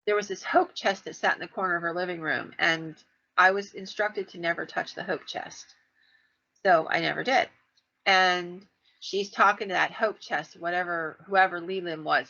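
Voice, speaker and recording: Gravelly, bright-voiced woman telling a story. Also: on the low side. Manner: chatty, winding storyteller who acts out quoted lines. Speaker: podcast co-host telling ghost stories. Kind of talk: casual storytelling on a podcast. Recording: dull, lo-fi podcast audio.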